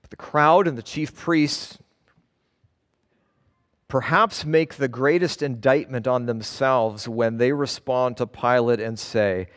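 A male pastor preaches with earnest emphasis, leaning on single words as he reads scripture and explains it. His voice sits at an ordinary middle pitch for a man. It carries a long reverb that rings around a large hall. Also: slow pace, fairly bright tone. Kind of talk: sermon, scripture reading with commentary.

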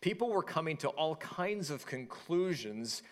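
A pastor preaching a sermon, reading scripture and retelling it in an animated, storytelling way. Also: male voice, a little high, a little slow. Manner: animated storytelling, acting out quoted voices.

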